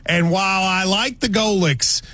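A male sports radio host bantering with his co-host, animated and self-deprecating, jumping into higher exclamations. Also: a little slow, no echo. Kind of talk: casual banter on a sports show.

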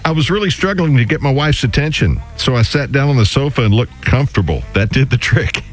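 A man co-hosting a radio show, delivering dad jokes in a playful, deadpan way. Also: medium pitch, a little fast, soft background music. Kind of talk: casual studio banter, telling dad jokes.

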